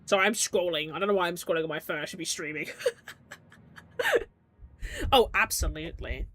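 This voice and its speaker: A woman's voice: on the low side, normal speed, fairly bright tone, soft background music. A woman streamer reading game text aloud and chatting with viewers in a rambling way, with lots of "like". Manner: chatty, peppered with "like", giggly asides.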